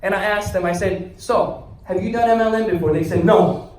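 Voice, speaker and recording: A man's voice: high voice, brisk, a crowd in the background. Man, seminar speaker, motivational storytelling, acts out quotes, echoey hall, distant mic. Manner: storytelling, acting out quotes with laughter. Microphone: distant camera in a hall.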